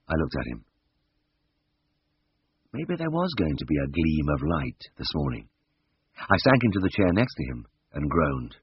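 Deep, husky man reading a memoir. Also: moderate pace, pauses often, no room sound. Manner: wry, expressive storytelling with voiced dialogue. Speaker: narrator. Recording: dull lo-fi dry recording.

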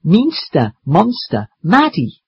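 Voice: mid-range voice, huge pitch swings, takes it slowly, husky, no room sound, muffled recording, voice pushed up, heavily acted. A reader doing a muddled old monster grandfather. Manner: garbles words.

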